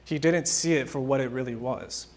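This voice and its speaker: Speaking at normal speed in a medium-pitched voice, a young preacher keeps his sermon informal. He tells stories with animation and acts out the quotes.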